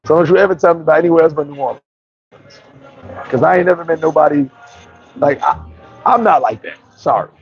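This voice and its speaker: A man tells a story in a casual, slangy way and often restarts mid-sentence. His voice is a bit higher than most men's, with a gravelly fry. The recording is slightly muffled, with faint music in the background. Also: lively intonation, quick pace, long pauses. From New York. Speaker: vlogger.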